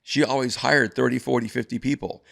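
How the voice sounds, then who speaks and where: A man's voice: medium pitch, steady tone, fairly quick, gravelly, fairly bright tone. A man over fifty from El Salvador, a guest telling stories in a reflective way with frequent restarts. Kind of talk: conversational storytelling.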